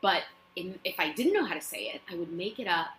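An actress tells stories about herself in a loose, chatty interview, poking fun at herself and filling pauses with lots of ums and likes. Her lowish voice is bright and forward, with lively intonation and a fast pace. The recording has the echo of her apartment's living room plus a little hiss or hum.

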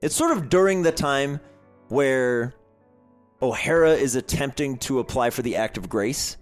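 A young man narrating a tabletop game as game master, in a relaxed, filler-heavy storytelling manner. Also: medium pitch, unhurried, soft background music.

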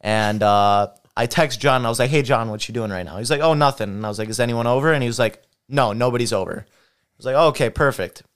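Smooth-voiced young man telling a story. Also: medium pitch, fast talker. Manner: rambling anecdote full of quoted voices. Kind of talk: casual storytelling.

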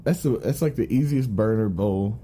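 A man's voice: fairly low pitch, normal speed, warm tone, slight background noise. A man co-hosting a podcast, chatting casually, joking and laughing often while drinking champagne. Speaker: podcast co-host. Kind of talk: casual chat.

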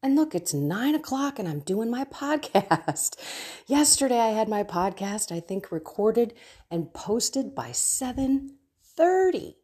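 Her voice sits on the high side, slow and mellow with a slight roughness and big swings in pitch. She's a middle-aged podcast host and faith coach who earnestly and casually recounts her own prayer life, pressing listeners forward in a personal way.

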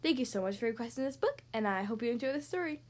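A woman hosting a podcast who reads picture books aloud to young children, with gentle, expressive storytelling. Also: on the high side, rapid-fire. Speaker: podcast host reading to kids.

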